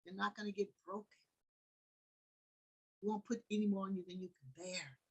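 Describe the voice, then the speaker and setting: Husky-voiced woman teaching scripture. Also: mid-range voice, steady tone, normal speed, a little mellow, dull audio. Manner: preachy and conversational, with many restarts. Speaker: Bible study teacher.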